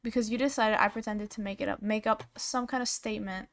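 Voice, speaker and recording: A woman's voice: medium pitch, fairly even intonation, quick pace, no echo. A woman commenting casually on a stream, reading messages aloud and reacting bluntly, with frequent swearing.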